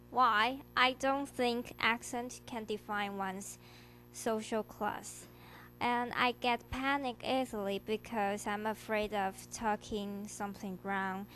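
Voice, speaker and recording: A female student voices a poor young flower girl who is anxious and self-conscious. The reading is steady and earnest, in a rather high voice, with a faint hum behind it. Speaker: student presenter. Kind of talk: reading a prepared character sketch aloud.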